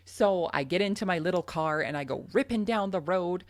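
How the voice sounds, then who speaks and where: A woman telling a farm story as a guest on a casual podcast chat, animated and laughing often between her fillers. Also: fairly low pitch, a little fast, few pauses, no echo. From Canada.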